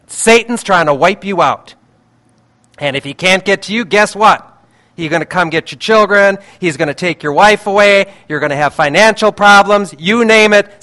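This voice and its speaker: An older man preaching a sermon in an emotional, pleading way, slowing down to stress key words. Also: fairly high pitch, bright, forceful tone. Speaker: pastor.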